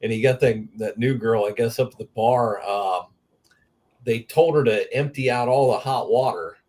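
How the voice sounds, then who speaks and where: A man's voice: medium pitch, moderate pace, a little mellow. Laid-back male guest. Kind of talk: casual chat.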